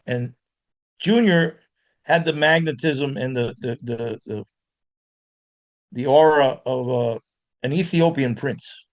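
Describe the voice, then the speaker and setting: A man from Miami, a guest blues guitarist, telling animated stories in an interview with frequent restarts. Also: mid-range voice, slow, long pauses. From Miami, United States. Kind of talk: storytelling in an interview.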